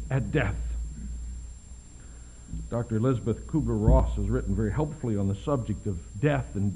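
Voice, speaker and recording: Heard on a rough recording, this sermon comes from a man whose delivery ranges from gentle murmurs to emphatic outbursts. He slows down to lean on key words.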